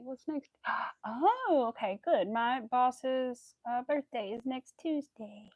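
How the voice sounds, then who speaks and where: A woman's voice: a little high, animated, normal speed, no room sound. Chatty woman crocheting on a livestream. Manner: chatty, rambling, many fillers. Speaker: crochet streamer. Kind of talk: casual livestream chat.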